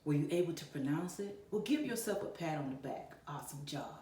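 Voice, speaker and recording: A woman's voice: low-pitched, animated, fairly quick, mellow, slight background noise. A woman teacher giving a virtual lesson to kindergarten and first graders, encouraging them and asking them questions. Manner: encouraging, talks directly to children with questions. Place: classroom. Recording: echoey room, voice a bit far from mic.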